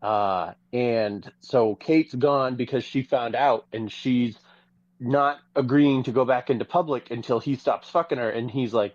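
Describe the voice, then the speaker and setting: A podcast co-host in casual gossip chat, telling stories in an animated, profane way. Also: medium pitch, a little slow, dry recording, highs cut off. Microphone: podcast microphone.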